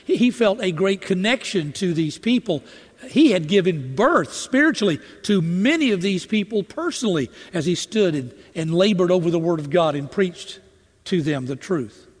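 A man with a high, light voice preaches with earnest feeling, repeating phrases as he drives his point home. His words ring out with a long reverb, as if spoken in a large hall. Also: animated, moderate pace. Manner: earnest, rising to impassioned emphasis, with repetitions. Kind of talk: sermon.

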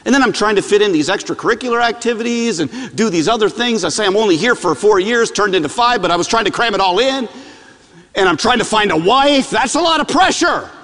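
Animated high-voiced preacher man. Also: fast talker. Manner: animated storytelling, repeats lines for emphasis. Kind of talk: sermon. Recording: long hall reverb.

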